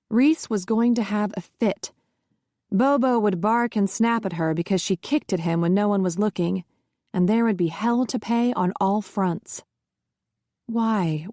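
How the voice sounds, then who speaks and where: A woman reading a thriller audiobook in steady scripted narration. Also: medium pitch, dry recording, clean studio sound.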